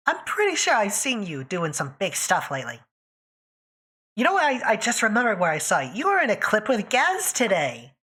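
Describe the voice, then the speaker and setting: Lively, teasing woman streamer. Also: medium pitch, normal speed, husky. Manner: chatty, teasing, talks to chat by name while drawing. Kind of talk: casual live-stream chat.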